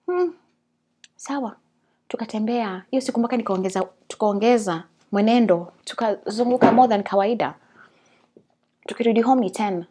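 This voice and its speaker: Animated Kenyan woman telling a story. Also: fairly high pitch, moderate pace, long pauses. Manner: animated, mixes English and Swahili. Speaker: vlogger. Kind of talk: casual storytelling.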